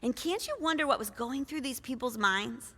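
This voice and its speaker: A woman's voice: high-pitched, expressive, moderate pace, pushed and bright, in a large hall. A woman preacher retelling a scripture story in a conversational sermon, full of rhetorical questions. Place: church.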